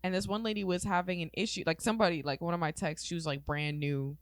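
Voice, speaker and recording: A woman's voice: fairly low pitch, fairly even intonation, fast talker, dry recording, studio quality. A woman, co-hosting a podcast and telling stories loosely, swearing often and acting out the people she quotes. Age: 20s. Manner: loose storyteller, swears and acts out quoted voices. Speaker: podcast co-host. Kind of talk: casual chat.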